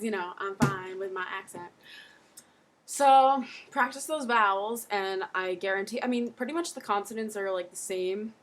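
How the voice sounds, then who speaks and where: A woman's voice: mid-range voice, fairly bright tone, slight background noise, rough recording. A woman giving a casual accent tutorial on a webcam, rambling with lots of filler words.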